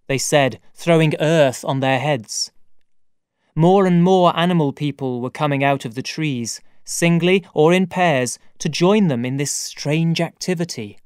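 A male audiobook narrator reading in a measured, deliberate way. His voice sits a little high for a man, with a very unhurried pace and a smooth, resonant tone. The close studio recording is dry. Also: a little mellow, dry recording. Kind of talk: scripted narration.

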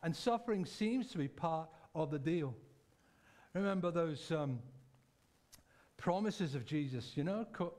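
A man preaching a sermon in a church, speaking conversationally and reflectively, pausing to correct himself and add asides. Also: fairly high pitch, animated, darkish tone. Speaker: pastor.

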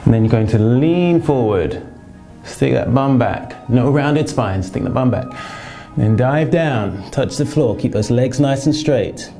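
A man leads a stretching session on the floor, speaking in a relaxed, mellow voice. He keeps checking in with his listeners as he coaches each move. Faint music plays softly behind him. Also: medium pitch, unhurried, gravelly. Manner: calm and reassuring, frequent "okay?" check-ins. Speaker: fitness instructor. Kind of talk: exercise instruction.

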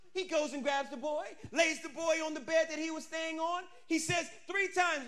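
High, bright-voiced energetic preacher. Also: male voice, moderate pace, few pauses. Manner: energetic, humorous, bursts into shouting. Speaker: pastor. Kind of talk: lively storytelling sermon.

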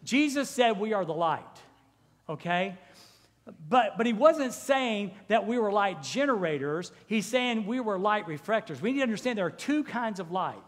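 Man, pastor preaching, lively and theatrical, high voice, long church reverb. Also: normal speed. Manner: animated preaching, acting out quoted voices. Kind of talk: sermon. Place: church sanctuary.

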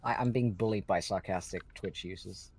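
A man's voice: low voice, normal speed, a little mellow, breathy edge. A man casting a strategy game stream, bantering playfully and teasing himself and his co-caster. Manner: playful, self-mocking banter. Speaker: esports caster. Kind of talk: joking game commentary.

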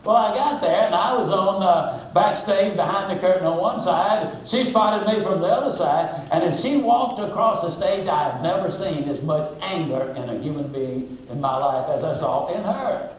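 A high-pitched man spins a folksy, emphatic story with plenty of humor. His voice swims in heavy echo, as if a video is playing through speakers in a large hall. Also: animated, moderate pace, hardly any pauses, dull audio, a little hiss or hum. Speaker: motivational speaker. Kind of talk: storytelling talk. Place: video played in a church. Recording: very echoey video played in a hall.

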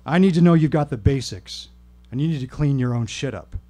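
A man voicing an earnest male hypnosis teacher who speaks gravely and gives firm instructions. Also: medium pitch, a little fast, dark tone, soft background music, close to an everyday voice. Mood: commanding.

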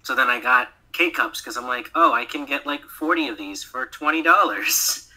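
A man's voice: medium pitch, normal speed, pushed and bright, poor audio. A man, a guest voice actor, chatting casually on a podcast, laughing often and filling his speech with "like".

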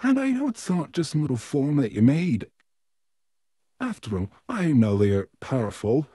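A smug, menacing puppet villain, voiced by a man, in a fan-made audio role-play. His voice is dark and husky, with a slow, drawn-out delivery that swoops up and down theatrically. The recording is dry and close. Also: medium pitch, very animated, no echo. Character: evil male puppet neighbor, smug, menacing, easily flustered.

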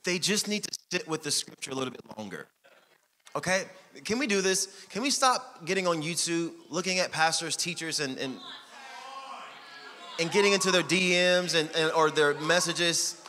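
A man preaching a sermon as pastor, energetic and joking, with bursts of shouting. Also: a little high, moderate pace. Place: church sanctuary. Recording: long hall reverb.

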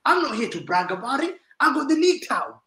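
A bright, forceful male voice, animated and mocking as he rants about a rival club and laughs at his own jokes. The room sound is echoey and roomy around him. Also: very high voice, quick pace. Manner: animated, teasing, laughing often. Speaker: football podcast panelist. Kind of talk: loud banter-filled casual chat.

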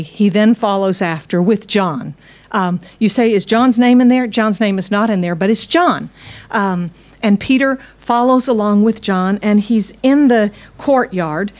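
A woman pastor, preaching a conversational sermon and putting questions to her congregation. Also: mid-range voice.

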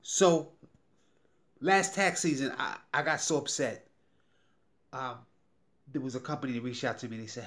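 A man giving an emotional, repetitive sales pitch straight to the viewer, pleading and getting heated. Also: lively intonation, normal speed, long pauses, a bit bright. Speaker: YouTuber promoting a tax service. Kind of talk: direct-to-camera sales pitch.

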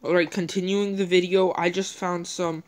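A woman's voice: on the low side, little pitch movement, normal speed, slight background noise. A woman hosting a gameplay video, thinking aloud in casual, rambling commentary as she plays.

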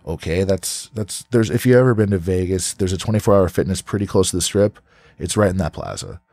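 A man's voice: low voice, expressive, brisk, a little mellow, no room sound. A man from California, a podcast guest, telling a story casually, rambling with lots of "like", restarts and swearing.

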